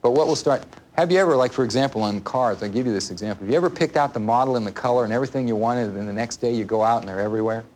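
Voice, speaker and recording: A man leads a live seminar in a room before an audience. He talks in a loose, conversational way, circles back to repeat key points and keeps quizzing his listeners, with a faint hum in the background. His pitch sits in an ordinary middle range. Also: very fast, darkish tone. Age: adult, parent of a small child. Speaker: workshop instructor.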